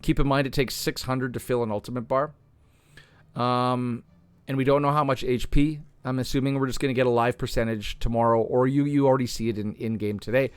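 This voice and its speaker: A man with a slightly hoarse voice reading game patch notes aloud and reasoning through them, often correcting himself mid-sentence. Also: medium pitch, steady tone, fairly quick, no room sound. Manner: thinks aloud, restarts and self-corrects. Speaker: gaming content creator.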